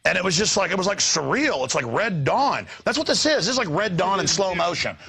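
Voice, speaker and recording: A raspy, gravelly man talks at a racing clip, bright and pushing in tone. As a talk show host he rants, stumbles over restarts and swings his pitch widely. He is recorded in a studio. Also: big pitch swings, a little fast. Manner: ranting, piles up restarts and acted-out quotes. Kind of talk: fast, animated studio rant.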